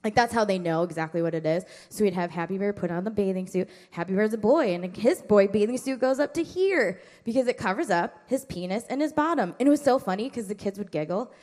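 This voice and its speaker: Middle-aged woman, parenting class speaker, casual and animated, does kids' voices in her stories. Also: quick pace, hardly any pauses, in a large hall. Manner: animated storytelling, acting out children's high-pitched replies. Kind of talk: informal talk to a parent group.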